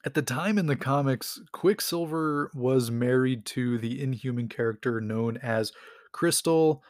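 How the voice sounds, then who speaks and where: Male host, average pitch, dry close mic; enthusiastic rambling storyteller. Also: unhurried, a little mellow, dry recording. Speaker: comics recap host. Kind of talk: casual retelling.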